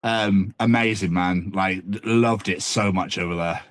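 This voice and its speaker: Rambling English-accented man, low voice. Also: steady tone, a little slow, fairly bright tone. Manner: rambling, laughs often, says "man" a lot. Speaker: podcast guest. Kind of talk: casual podcast chat.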